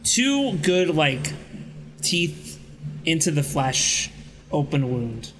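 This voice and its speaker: A man's voice: fairly high pitch, big pitch swings, extremely slow, fairly bright tone, a little hiss or hum, low-quality recording. A young man hosting a stream, chatting casually and telling a rambling story with restarts and swearing. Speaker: streamer host. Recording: music playing faintly behind.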